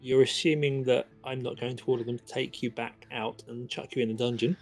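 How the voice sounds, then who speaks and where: A man's voice: medium pitch, fairly even intonation, a little fast, a little mellow, soft background music, natural voice. A man voicing a stern, commanding general who scolds a soldier.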